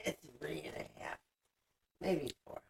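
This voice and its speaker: A woman in a casual movie chat, talking in a halting, confused way. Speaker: co-host. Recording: noisy background.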